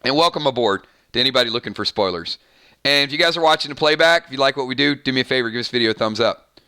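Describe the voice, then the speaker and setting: Bright-voiced chatty male stream host. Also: medium pitch, racing, clean tone. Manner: chatty, self-interrupting, stumbles and restarts often. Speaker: live-stream show host. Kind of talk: casual live-stream chat reading viewer comments.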